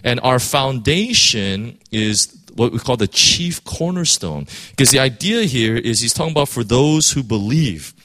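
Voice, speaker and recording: A man preaching a sermon. His pitch rises and falls a lot, and he often stumbles over words, repeats himself and restarts his sentences. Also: expressive, a little slow, hardly any pauses, pushed and bright. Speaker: pastor.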